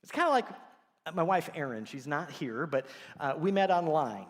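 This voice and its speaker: A man's voice: fairly high pitch, normal speed, long reverb tail. A middle-aged man preaching a sermon as pastor, telling stories and acting out the quotes he tells. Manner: animated storytelling, acts out quotes. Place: church sanctuary.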